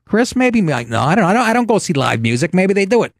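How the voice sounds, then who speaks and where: A man's voice: sits high, big pitch swings, fast, no echo, clean studio sound. A middle-aged man hosting a comedy talk show, ranting sarcastically with profanity and frequent laughs. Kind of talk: comedic radio show banter.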